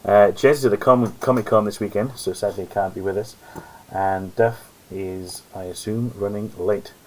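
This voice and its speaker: A man's voice: on the low side, fairly even intonation, moderate pace, low-quality recording. A man hosting a live-stream alone, chatting casually in a rambling, self-mocking way. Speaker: host. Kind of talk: solo live-stream commentary chat.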